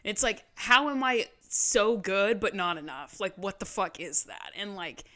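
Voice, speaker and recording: A young woman co-hosting a podcast in casual, animated chat, swearing freely and laughing often. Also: mid-range voice, a little slow. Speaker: podcast co-host.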